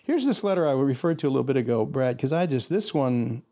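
A man's voice: mid-range voice, expressive, fast talker, dark tone. An older man hosting a faith conversation, earnest and reflective, often restarting his sentences as he thinks aloud.

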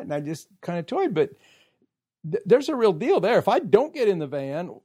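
High-voiced man telling a lively story. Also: normal speed. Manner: animated storyteller, acts out quotes, laughs often. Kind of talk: casual storytelling chat.

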